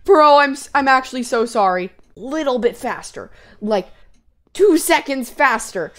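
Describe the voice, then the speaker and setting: High-voiced, excitable gaming host. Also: female voice. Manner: excitable, jumps from scared yelps to quick chatter. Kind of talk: let's-play commentary.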